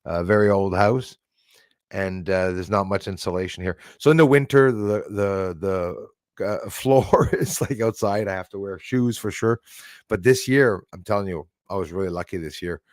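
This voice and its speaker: A man's voice: deep voice, normal speed, dry recording, clean studio sound. A man hosting a casual live stream from his old house, rambling, greeting viewers by name and swearing now and then. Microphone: desk microphone.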